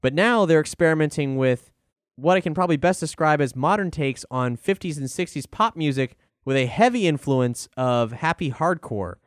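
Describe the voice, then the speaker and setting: A man's voice: mid-range voice, smooth, no echo, clean studio sound. A man hosting a podcast, chatting casually as he introduces a song and wraps up the episode. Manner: relaxed, chatty recommendations with fillers. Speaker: podcast host.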